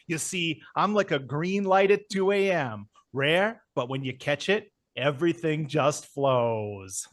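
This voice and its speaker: A man's voice: on the high side, animated, slow pace, hardly any pauses. A man playing a brash, laid-back Brooklyn guy with a put-on New York accent, swaggering and leaning on a catchphrase. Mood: flirty. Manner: keeps repeating a catchphrase, swaggering.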